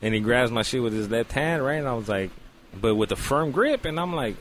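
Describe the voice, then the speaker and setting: A man's voice: medium pitch, fairly quick, slight background noise. A man telling a long comic story in casual, profane slang, acting out the voices in it. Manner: animated, profane, acts out voices in his story. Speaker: podcast host telling a story.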